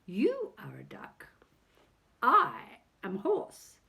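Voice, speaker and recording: A woman's voice: fairly high pitch, wildly swooping pitch, slow pace, vocal fry, sharp tone, pitched above the performer's own voice, full character voice. A woman voicing a proud male horse in a picture book, lecturing in a haughty tone. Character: pompous proud male horse, tall and noble.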